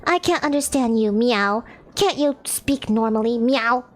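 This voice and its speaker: A woman's voice: a little slow, lightly acted. A woman voicing a cute young female cat demon who tacks meow onto her lines, in an American accent. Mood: teasing. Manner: squeaky, ends sentences with meow.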